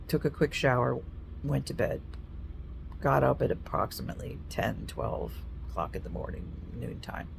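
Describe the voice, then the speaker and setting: A woman's voice: very deep voice, creaky, a little mellow, slight background noise. A woman in her fifties telling a personal story in a rambling, repetitive way, often circling back over details.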